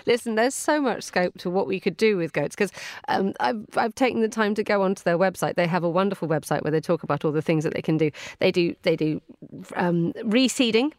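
A woman's voice: on the low side, steady tone, fairly quick, a little mellow, dry recording. A woman presenting radio news and then bantering with a host in a dry, teasing way.

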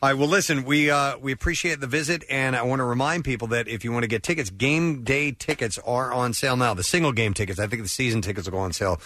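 A man's voice: mid-range voice, fast talker, few pauses, bright, forceful tone, dry recording. A male radio show host who chats casually, jokes and laughs a lot, and plugs events. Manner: jokey, laughs often, plugs tickets.

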